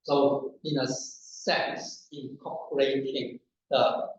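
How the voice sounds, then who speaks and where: Guy giving an academic conference talk, halting and deliberate, super echoey and distant. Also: medium pitch, flat delivery. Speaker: conference panel presenter. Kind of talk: academic lecture. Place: conference room. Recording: distant, echoey, dull conference room recording.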